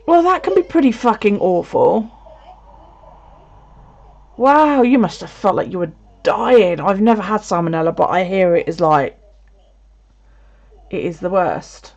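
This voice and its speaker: A woman's voice: mid-range voice, animated, measured pace, creaky, long pauses, darkish tone. Chatty, swearing woman vlogger. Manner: chatty, swears freely, lots of laughter. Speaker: video creator. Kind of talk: casual live chat to viewers. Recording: dull lo-fi sound.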